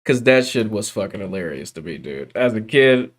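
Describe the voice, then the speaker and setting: A young man streaming, chatting casually, rambling, swearing freely and drifting between loud bursts and mutters. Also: fairly low pitch, expressive, moderate pace. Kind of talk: casual livestream chat.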